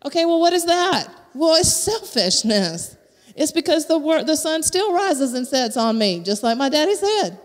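A woman's voice: high-pitched, expressive, normal speed, few pauses. Woman, preacher, live sermon, frank and self-mocking, lingering church echo. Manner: candid and conversational, with self-mocking humor. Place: church sanctuary at a live service. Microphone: handheld microphone. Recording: long hall reverb from a church.

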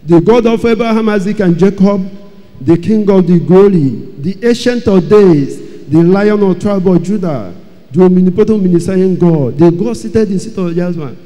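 A man giving an emotional church testimony, telling his story dramatically and repeating phrases, his loudness rising and falling. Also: high-pitched, normal speed. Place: large church hall. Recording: long hall reverb.

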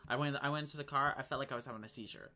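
Young gaming streamer with a bright, edgy voice, slangy and theatrical. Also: mid-range voice, rapid-fire. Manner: dramatic, slangy, gasping exclamations. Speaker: gaming vlogger. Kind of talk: casual gaming commentary and chat.

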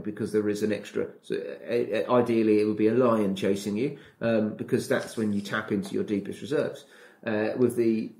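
A man, a running coach and podcast guest, explaining ideas in casual chat with an animated manner and acted-out asides. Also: fairly low pitch, reverberant. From Britain. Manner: animated, acts out his inner dialogue.

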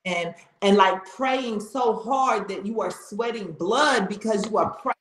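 A woman talking about her faith in a casual chat, animated and slangy, often repeating herself. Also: medium pitch, a little slow. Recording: echoey room.

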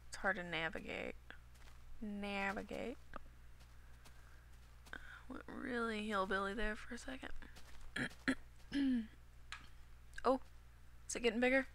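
A woman's voice: fairly high pitch, a bit bright, slight background noise. A young woman chatting her way through a Minecraft game at home, coughing now and then after being sick, rambling and talking to herself as she plays. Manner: rambling and chatty, talks to herself while playing. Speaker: gaming video creator. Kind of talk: casual Minecraft commentary.

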